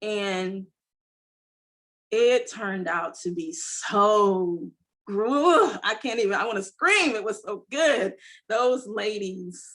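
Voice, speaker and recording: A woman's voice: medium pitch, expressive, slow pace, a bit bright. Woman guest, heartfelt, rambling, filler-heavy conversational storytelling. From United States. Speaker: entrepreneur guest. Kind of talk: emotional conversational interview.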